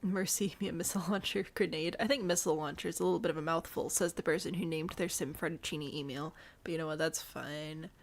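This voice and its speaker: She talks fast in a low, steady voice with hardly any pauses, her accent Midwestern. Streaming a life-sim game, she keeps up playful, jokey commentary for her live viewers.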